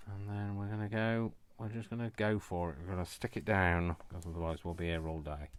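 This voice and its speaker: A man's voice: low voice, steady tone, fairly quick, clean tone. A man hosting a casual crafting tutorial at home, rambling and self-mocking as he works. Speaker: crafting video host. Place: room at home.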